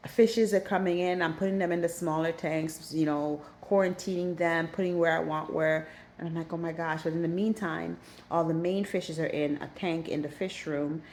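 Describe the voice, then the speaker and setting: A woman with a low, deep voice tells a casual personal story as a vlogger. She gets animated and repeats phrases while reliving the panic. A faint hiss sits under her voice. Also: normal speed. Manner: animated, repeats herself when recounting panic. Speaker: aquarium hobbyist vlogger.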